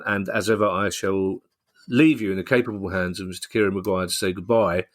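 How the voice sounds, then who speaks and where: A deep-voiced man co-hosting a casual football podcast. He talks in a jokey, self-deprecating manner and trips over his words. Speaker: podcast co-host.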